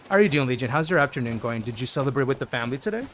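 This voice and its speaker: A man's voice: medium pitch, animated, very fast, a little hiss or hum. A man streaming a modded game, chatting casually with viewers and reading their chat messages aloud.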